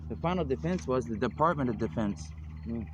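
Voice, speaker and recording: A man's voice: mid-range voice, lively intonation, a little fast. A man who calls himself a minister, talking in a loose, meandering monologue and constantly adding "man" and "you know". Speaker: self-described minister. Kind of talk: rambling outdoor monologue. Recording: noisy outdoor street recording. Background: traffic and city noise.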